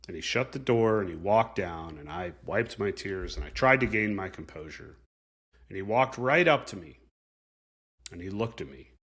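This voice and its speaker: Earnest man telling a story, animated. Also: fairly low pitch, husky. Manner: earnest, reflective. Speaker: podcast host. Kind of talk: personal storytelling monologue.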